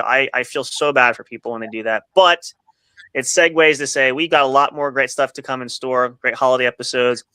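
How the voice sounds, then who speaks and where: An upbeat man hosting a podcast wraps up the show in a long, rambling, promotional sign-off. His voice is bright and crisp, a little higher than most men's, and the sound is dry and close. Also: no room sound. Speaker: podcast co-host. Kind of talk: casual chat and show sign-off. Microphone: video call.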